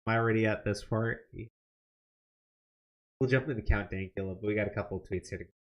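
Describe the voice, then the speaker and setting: A man's voice: fairly low pitch, fast, highs cut off. A man hosting a political commentary show, reacting to clips and news with angry, profanity-laced rants.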